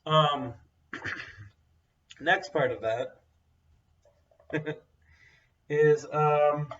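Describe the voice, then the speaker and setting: Rambling, bright-voiced young man. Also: fairly high pitch, very slow. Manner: rambling, blunt, full of fillers. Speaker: co-host. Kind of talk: casual chat. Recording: dull, distant mic sound.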